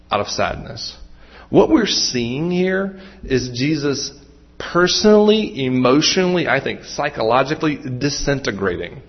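Speaking slowly in a husky, sing-song, mid-range voice, a Western Maryland pastor delivers a sermon. He keeps it conversational, pokes fun at himself, and wanders into asides and restarts, all captured on a muffled, dull recording.

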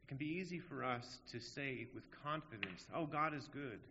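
A man's voice: mid-range voice, animated, normal speed, noisy background. A man preaching a sermon in an earnest, emphatic way, asking rhetorical questions. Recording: dull audio in a long-reverb hall.

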